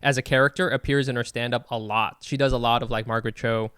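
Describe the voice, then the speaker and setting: A man hosting a podcast, talking in an animated, rambling way full of "like" and "you know". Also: mid-range voice, fast, smooth, dry recording, studio quality. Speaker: podcast host. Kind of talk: casual podcast chat.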